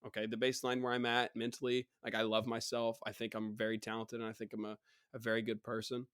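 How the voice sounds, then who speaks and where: A young man hosting a casual solo podcast. His voice is partly worn out from illness, and he rambles in an animated way. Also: medium pitch, clean tone, no room sound, studio quality. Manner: rambling and animated, mocking others in put-on voices. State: recovering, voice partly gone. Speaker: podcast host.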